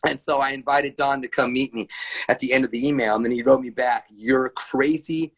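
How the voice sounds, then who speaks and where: A middle-aged man from Arizona talks in a casual podcast interview. He is excitable and swears constantly as he tells stories, with a voice of ordinary pitch. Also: fast. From Arizona, USA. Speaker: radio DJ and guest.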